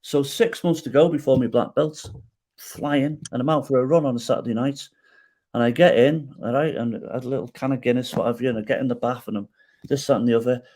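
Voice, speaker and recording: A middle-aged man telling his personal story as a podcast guest, animated and emotional, with many restarts and self-deprecating jokes. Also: medium pitch, quick pace.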